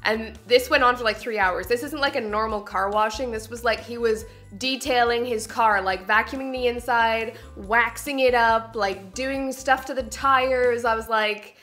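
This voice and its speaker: Canadian girl in her 20s, chatty vlog, giggly and animated, bright highish voice. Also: normal speed, few pauses, faint music behind. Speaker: beauty vlogger. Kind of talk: casual chat to camera.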